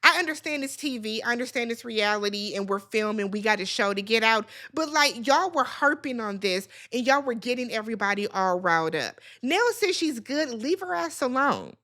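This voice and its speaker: A woman's voice: fairly high pitch, animated, normal speed, few pauses, pushed and bright. A woman hosting a reality TV recap, talking casually and bluntly, swearing freely as she gives her opinions.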